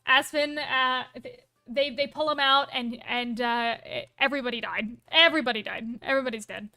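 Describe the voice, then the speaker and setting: Woman streamer, high clean voice, playful rambling storyteller with asides. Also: steady tone, sharp tone, smooth. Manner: rambling, full of asides and self-corrections; playful and quick to laugh at herself. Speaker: livestreamer. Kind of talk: casual storytelling on a live stream.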